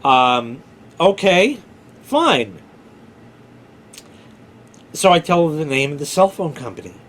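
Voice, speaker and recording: A man's voice: a little high, big pitch swings, slow, fairly bright tone, slight background noise. A man casually telling a rambling personal story, informal, with filler words and the odd swear. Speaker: vlogger.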